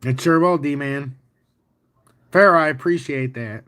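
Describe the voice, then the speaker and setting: A man hosting a casual crypto livestream, walking through charts and chatting with viewers in a boastful, profane, animated way. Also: a little high, slow, clear, resonant tone. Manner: boastful and confident. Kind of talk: casual livestream chart talk, answering chat.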